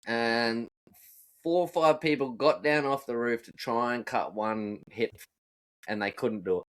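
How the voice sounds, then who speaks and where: A man, a podcast co-host and roofer, telling rowdy, profane work stories in casual chat. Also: mid-range voice. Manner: profane, animated storyteller acting out rants.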